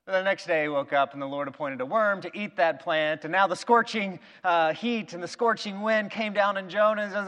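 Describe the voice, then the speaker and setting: A male preacher with a high-pitched voice retells a Bible story with lively energy, acting out the quotes. A long reverb from a large hall hangs on his words. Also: brisk, hardly any pauses, dull audio.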